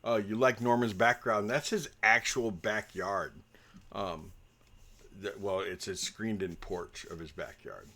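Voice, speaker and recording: A man's voice: lowish voice, fairly even intonation, measured pace, bright, forceful tone. A man talking casually as dungeon master before a tabletop game, rambling and joking with lots of ums.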